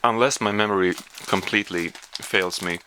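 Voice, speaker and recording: With a fairly low voice at a normal pace, this man talks casually through a taste-test vlog as background noise plays. His speech is halting and filler-heavy, and at times he chews while speaking.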